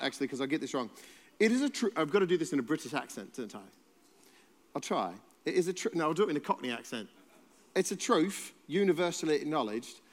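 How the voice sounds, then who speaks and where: A man preaching a sermon as pastor, conversational with playful asides and emphatic repetition. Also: high voice. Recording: long hall reverb.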